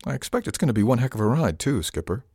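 A man's voice: mid-range voice, very animated, fast talker, warm tone, slightly rough, no room sound, clean studio sound, voice pushed up. A man voicing an eager, loyal young woman crew member, earnest and determined, in an audiobook.

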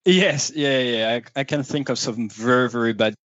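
A man's voice: mid-range voice, moderate pace, a bit bright, no echo. French guy calling in, friendly, hesitant, repeats himself, muffled dry line. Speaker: interview guest. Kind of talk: remote interview.

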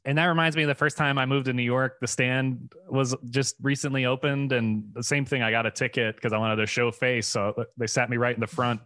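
A man's voice: mid-range voice, flat delivery, a little fast, hardly any pauses, sharp tone, no room sound. A man chatting casually as a comedian guest, self-deprecating and laughing often. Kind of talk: casual chat.

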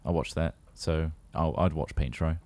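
Deep-voiced male podcast co-host, dry wit. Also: steady tone, moderate pace, darkish tone. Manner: dry, jokey asides. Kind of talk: casual chat.

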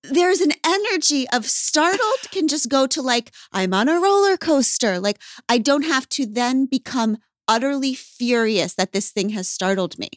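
Woman, podcast host, animated, emphatic, close dry sound. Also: high voice, normal speed, hardly any pauses, no echo. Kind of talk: casual podcast chat.

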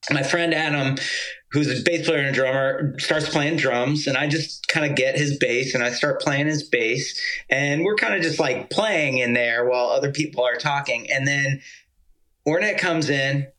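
A man from Georgia, a musician guest, telling a rambling, animated story full of "like" and casual swearing. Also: mid-range voice, moderate pace, low-quality recording.

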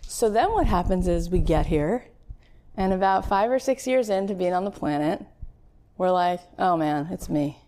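A woman's voice: mid-range voice, expressive, moderate pace, mellow, slight background noise. A woman in her late thirties speaks as a podcast host, giving a motivational talk in a chatty, storytelling way. She acts out quotes with bursts of animation and keeps a friendly, conversational flow. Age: 30s.

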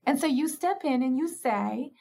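A woman's voice: high voice, lively intonation, moderate pace, creaky, warm tone. A woman speaking as a parenting expert in an interview, reflective and explanatory, who often acts out little parent dialogues and laughs easily.

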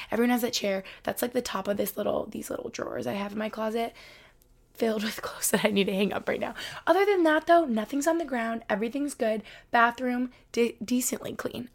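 A woman's voice: fairly high pitch, creaky. A woman in her twenties, from upstate New York, hosting a solo podcast from her bedroom floor in a rambling, chatty way full of "like". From Albany, New York. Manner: rambling, chatty, lots of 'like'. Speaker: podcast host. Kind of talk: casual solo podcast chat.

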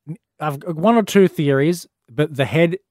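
A man's voice: on the high side, moderate pace, a little mellow, dry recording, studio quality. A young man hosting a casual podcast, rambling and self-deprecating with many restarts. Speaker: podcast host.

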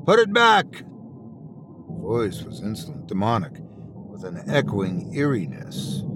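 A man's voice: mid-range voice, background noise. Dramatic male horror story narrator.

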